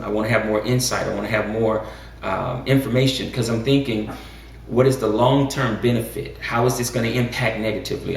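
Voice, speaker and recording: A man co-hosting a casual talk about marriage, speaking in a measured way that turns preacherly and rises with emphasis. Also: fairly low pitch, gravelly. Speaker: co-host. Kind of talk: casual chat. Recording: echoey room, far from mic, faint noise.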